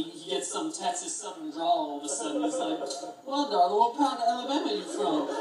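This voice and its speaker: A man's voice: fairly high pitch, a little mellow, slight background noise. A man in his twenties giving a best man's toast, telling stories in a chatty way and laughing at his own jokes. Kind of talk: wedding toast storytelling. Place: wedding reception hall. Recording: echoey reception hall from far off.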